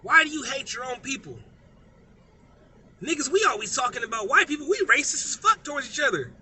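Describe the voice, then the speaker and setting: A man's voice: extremely high pitch, sing-song, fairly quick, bright, forceful tone, a little hiss or hum. A man giving a profane, emphatic and preachy unscripted rant as a vlogger.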